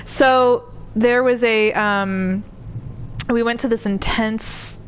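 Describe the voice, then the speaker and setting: A woman's voice: fairly high pitch, steady tone, slow, a little hiss or hum, rough recording. Chatty woman game streamer, rambling. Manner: rambling, many "like"s, laughs easily. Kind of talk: casual chat while playing.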